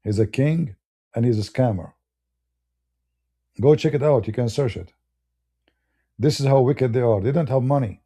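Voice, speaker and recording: A man's voice: mid-range voice, normal speed, pauses often, warm tone, breathy edge. A man from the Middle East with a Middle Eastern accent, delivering a blunt, scornful monologue in broken English. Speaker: debater. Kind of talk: heated ranting monologue.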